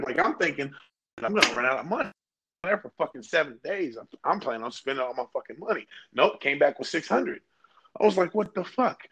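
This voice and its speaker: A man's voice: on the high side, a bit bright, slightly rough. A young man co-hosting a podcast, telling rambling, profanity-laced stories in casual chat. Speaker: podcast co-host.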